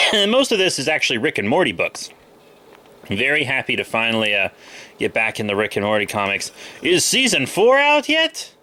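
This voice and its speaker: A man's voice: on the low side, expressive, fairly quick, pauses often, sharp tone. A man in his twenties, a little sick with a cold, chatting loosely and rambling with lots of fillers as he shows off his comic book haul. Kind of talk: casual haul video chat.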